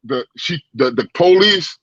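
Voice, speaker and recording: A man telling a story in a casual chat, animated and profane, with lots of stammered restarts, on dry lo-fi stream audio. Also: fairly high pitch, a little slow, slightly rough, no room sound. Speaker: guest.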